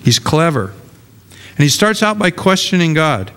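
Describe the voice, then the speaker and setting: A man's voice: on the high side, sing-song, moderate pace, a bit bright, smooth, big-room sound. An older man and pastor preaching a conversational sermon, often repeating words as he searches for them.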